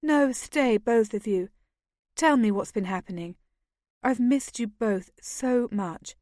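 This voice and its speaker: A composed young noblewoman who stays unruffled and even, as a woman reader acts her out. The reading is dry and close, in an audiobook. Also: fairly high pitch, takes it slowly, no echo. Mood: calm. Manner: calm and unruffled. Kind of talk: audiobook character voice.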